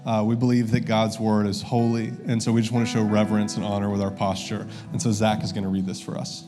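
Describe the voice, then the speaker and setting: Guy pastor giving a sermon, chatty, lots of uhs, soft music behind. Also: lowish voice, flat delivery, quick pace. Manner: conversational, with filler uhs and restarts.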